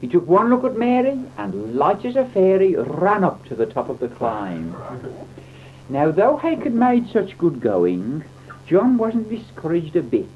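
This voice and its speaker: A man's voice: high voice, huge pitch swings, measured pace. A man reciting comic verse in a theatrical, mock-dramatic way, on a dull, slightly noisy old recording. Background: audience laughter.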